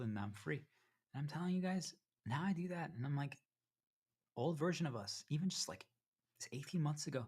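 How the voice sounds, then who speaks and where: A man talks to his stream viewers in a loose, meandering monologue, often restarting his sentences and repeating himself. His voice is husky, with an ordinary middle pitch for a man. He sometimes talks while eating. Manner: repetitive, self-interrupting, addresses viewers as "you guys"; eating while talking at times. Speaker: live streamer. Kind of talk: rambling livestream monologue to chat.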